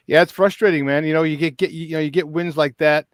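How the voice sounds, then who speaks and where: A man hosting a morning sports talk show, telling stories in an animated, excitable way. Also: a little high, fast talker, no room sound, studio quality. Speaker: host. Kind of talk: casual sports radio talk.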